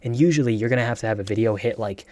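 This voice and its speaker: A man's voice: mid-range voice, darkish tone, dry recording. A young man in his twenties giving a casual tutorial on online sales, hyped and slangy, often checking in with "right?". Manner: hyped, slangy, fast-talking with frequent "right?". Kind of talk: casual tutorial talk to camera.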